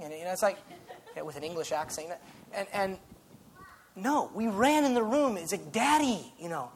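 A man preaching a sermon in an earnest, conversational way, dropping soft and then rising loud. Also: on the high side. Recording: faint background noise.

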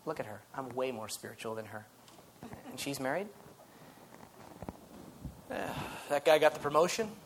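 A man voicing a self-pitying churchgoer who grumbles to God, with a put-on Southern accent and a low, muttering delivery. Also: expressive, moderate pace, pauses often, background noise, close to an everyday voice. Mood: grumbling. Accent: put-on American Southern.

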